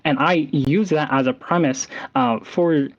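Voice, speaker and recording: A man's voice: a little high, unhurried, muffled recording. A man in a heated online debate, rambling and hesitant with many restarts.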